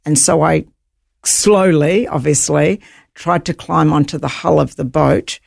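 A woman's voice: deep voice, fairly even intonation, slow, vocal fry, a little mellow, no room sound, clean studio sound. A woman guest in an interview, earnestly telling a personal story and voicing her own thoughts aloud.

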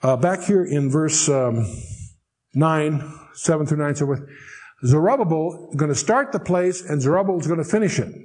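A man leads a verse-by-verse Bible study in a fairly high voice. He reads the old scripture slowly and with weight, then drops into easygoing, dry-humored explanation. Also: a little mellow. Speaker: Bible teacher.

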